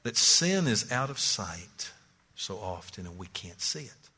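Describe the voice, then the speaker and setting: A man's voice: lowish voice, measured pace, slightly rough. A man preaching a sermon as pastor, pleading and emphatic, often repeating words as he presses a point. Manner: animated, pleading, emphatic repetitions. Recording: long church-hall reverb.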